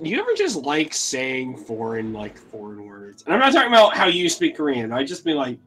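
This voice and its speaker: A man's voice: a little fast, hardly any pauses, low-quality recording. A man with an American accent chatting casually and jokily while streaming a strategy game. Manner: animated, rambling, jokey, jumps to high squeaky exclamations. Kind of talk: casual chat while gaming.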